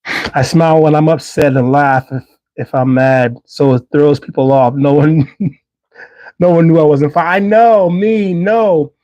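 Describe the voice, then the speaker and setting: A man's voice: on the high side, unhurried, warm tone. A middle-aged man hosting a livestream, giving an earnest, emphatic faith-based motivational talk and repeating key phrases. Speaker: livestream host.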